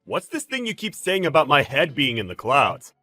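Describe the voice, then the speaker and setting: An actor playing a brash, clueless ex-husband who gets defensive and whiny. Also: male voice, fairly high pitch, huge pitch swings, moderate pace, bright, forceful tone, faint music behind, full character voice. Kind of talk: audio drama acting.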